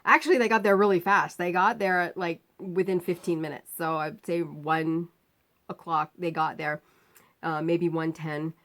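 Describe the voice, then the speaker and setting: A woman's voice: on the low side, fairly even intonation, normal speed, a bit bright. A woman vlogger recounting a personal ordeal in casual chat, laughing often and filling with ums and restarts. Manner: chatty, laughs often, many fillers and restarts. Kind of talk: casual storytelling to camera.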